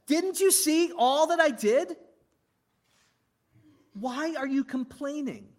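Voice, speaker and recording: A man's voice: very high voice, lively intonation, slow pace, darkish tone, voice pushed up, heavily acted. A man, a preacher, voicing God as an exasperated divine father figure who scolds with incredulous questions.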